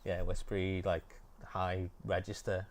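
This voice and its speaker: Deep-voiced man hosting casual music chat. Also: unhurried. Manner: relaxed, hesitant with many fillers. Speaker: music show host.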